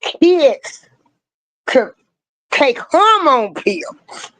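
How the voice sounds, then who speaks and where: An older woman giving ranting commentary, hammering the same rhetorical questions and swinging between rising cries and low asides in slangy speech. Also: big pitch swings, very slow, a bit bright, no room sound, low-quality recording. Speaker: online commentator.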